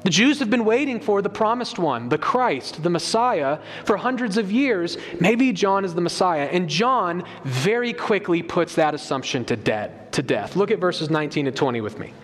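High-voiced preacher in a reverberant hall. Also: male voice, sing-song, moderate pace, hardly any pauses. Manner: emphatic, expository, reads scripture aloud. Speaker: pastor. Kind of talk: sermon.

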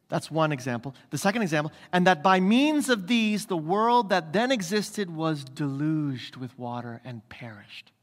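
Male pastor, emphatic sermon delivery, rhetorical questions, high voice, long church-hall reverb.

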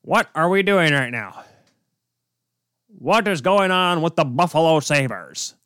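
A man doing an impression of an exasperated male hockey play-by-play announcer, exclaiming in a pitched-up voice. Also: animated, takes it slowly, fairly bright tone, clear, resonant tone, no echo, clean studio sound.

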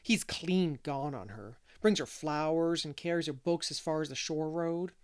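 A man's voice: a little high, moderate pace, clear, resonant tone, lightly acted. A man voicing a chatty, mischievous little boy who rambles and keeps asking questions. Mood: chattering.

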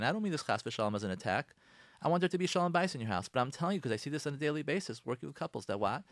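A radio host gives marriage advice, lecturing the listener directly and animatedly acting out both spouses in quoted lines. His voice is a little high, recorded dry with studio quality.

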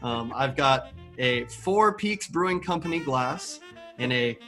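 A man's voice: mid-range voice, animated, measured pace, music in the background. A man chatting as a podcast guest, playful and self-deprecating. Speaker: guest saxophonist. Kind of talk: casual chat.

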